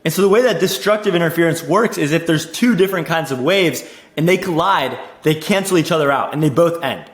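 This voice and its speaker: Young dude coaching sales, kinda high voice, super casual and pumped, echoey room. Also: male voice, fairly quick. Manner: energetic, repeats words, says "dude" and "like" often. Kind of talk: casual teaching monologue.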